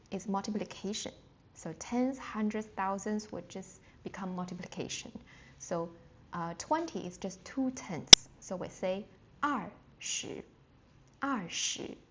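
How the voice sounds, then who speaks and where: A woman teaching a live online Mandarin lesson, speaking slowly and patiently with frequent fillers and quick apologies, jumping to a high sing-song pitch to demonstrate tones. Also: a little mellow, slight background noise.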